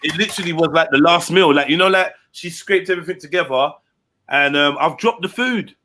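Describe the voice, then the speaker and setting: A middle-aged man, telling a casual story in a group chat and acting out the quoted voices. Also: a little fast. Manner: animated storyteller, acts out quotes with big pitch jumps. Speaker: host.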